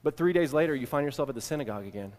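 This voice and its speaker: A man preaching a sermon, retelling an ancient scene in the second person and shifting between hushed and emphatic delivery. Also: fairly high pitch, lively intonation, very fast. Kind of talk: sermon storytelling. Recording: long hall reverb.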